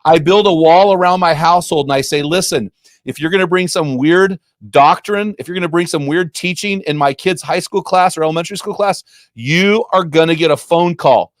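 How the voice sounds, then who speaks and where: A man's voice: fairly high pitch, brisk, no room sound, clean studio sound. A man in his fifties, a Christian ministry founder, talking emphatically in a preacher-like way. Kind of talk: impassioned Christian talk.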